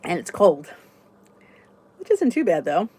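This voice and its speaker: A woman's voice: fairly low pitch, wildly swooping pitch, measured pace, mellow, slight background noise. A woman hosting a casual live-stream support chat, chatting in a rambling way and reading viewers' comments aloud.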